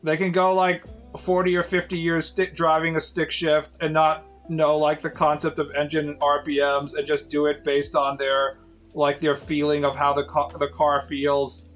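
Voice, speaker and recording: A man's voice: a little high, monotone, moderate pace, a bit bright, soft background music. A man in his late thirties, a streamer casually telling rambling, profane stories to his viewers with lots of fillers. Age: 30s.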